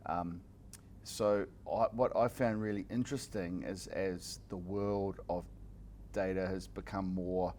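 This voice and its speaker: Kiwi guy, lowish voice, lots of ums and restarts, wry, bit of rumble in the background. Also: fairly even intonation, a little slow, darkish tone. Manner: hesitant, self-deprecating, many "um"s and restarts. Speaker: executive creative director at an ad agency. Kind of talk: casual conversation.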